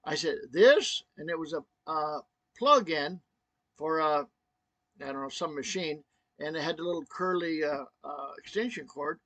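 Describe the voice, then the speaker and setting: Brief: choked-up man vlogging a personal story, halting with many restarts, slightly high, dry. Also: steady tone, bright, forceful tone, no room sound.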